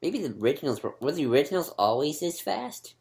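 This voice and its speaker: Commentary co-host, quick wisecracks and easy laughter, mid-pitched, casual. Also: sing-song, vocal fry, a little mellow. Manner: quick jokey interjections, laughs a lot. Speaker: podcast co-host. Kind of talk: casual movie commentary chat.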